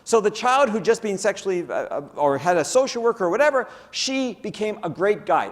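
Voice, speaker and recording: Male keynote speaker, fairly high voice, lively storyteller, long hall reverb. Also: normal speed. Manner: animated, acts out the people in his stories. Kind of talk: lecture with storytelling. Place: conference hall.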